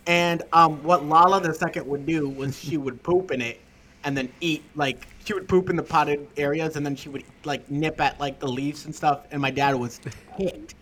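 A young man with a high, bright, forceful voice tells stories in an easygoing chat. He is animated and laughs often. He switches into the voices of the people he quotes. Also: moderate pace, a little hiss or hum. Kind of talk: casual storytelling.

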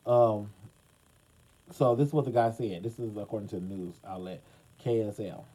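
A man's voice: fairly low pitch, moderate pace, mellow, husky, poor audio. A man hosting casual gossip commentary, chatty and dramatic, talking straight to his viewers with lots of fillers. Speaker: commentary host.

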